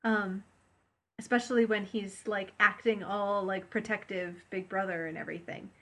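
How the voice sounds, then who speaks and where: A woman's voice: medium pitch, steady tone, moderate pace, bright, forceful tone. A woman co-hosting a podcast in casual chat, chatty and rambling with many fillers. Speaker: podcast co-host.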